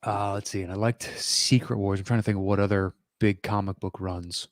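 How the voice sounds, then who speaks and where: A man in his forties co-hosting a podcast in casual chat, hesitant and thinking aloud with pauses and fillers. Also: fairly low pitch, steady tone, no echo, clean studio sound. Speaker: podcast co-host.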